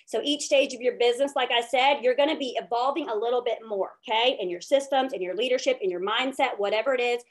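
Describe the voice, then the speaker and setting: A woman's voice: a little high, fast talker, hardly any pauses. A woman giving a motivational leadership talk over a video call, tagging her points with "okay?". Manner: upbeat and preachy, tags lines with "okay?". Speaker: direct sales team leader.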